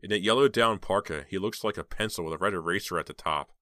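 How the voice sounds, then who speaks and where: A man's voice: sits low, fast talker, pushed and bright, no echo. A man reading an audiobook and voicing a bitter, resentful teenage girl who speaks in a cold, scornful way.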